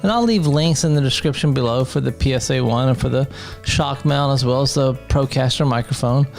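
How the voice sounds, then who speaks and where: A man's voice: medium pitch, a little fast, vocal fry, soft background music. Casual man demoing desk gear. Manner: relaxed, explains while handling gear, frequent fillers. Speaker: gear reviewer and teacher. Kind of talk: casual product demo. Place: home desk setup.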